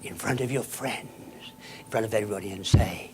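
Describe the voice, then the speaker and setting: A man giving a dramatic, emphatic motivational speech to an audience, with sudden soft drops and loud bursts. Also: lowish voice, expressive, fairly quick, slight background noise. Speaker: keynote speaker.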